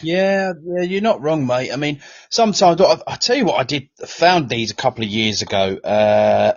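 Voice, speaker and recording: A married man co-hosting a casual podcast chat, telling stories in an animated way. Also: a little high, moderate pace, lo-fi sound. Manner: animated storytelling, matey. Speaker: podcast co-host.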